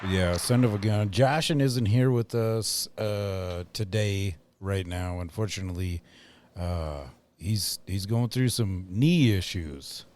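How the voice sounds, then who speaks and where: A man's voice: low-pitched, slow pace, a little mellow, slight background noise. A man hosting a casual podcast, rambling with lots of fillers and laughing often. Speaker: podcast host.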